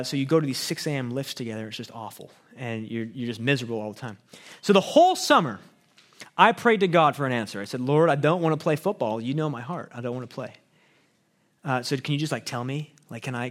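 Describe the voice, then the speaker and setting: Earnest young man sharing testimony. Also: a little high. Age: young adult. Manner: earnest, conversational, self-deprecating, with frequent fillers and restarts. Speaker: pastoral student sharing testimony. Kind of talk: personal testimony talk.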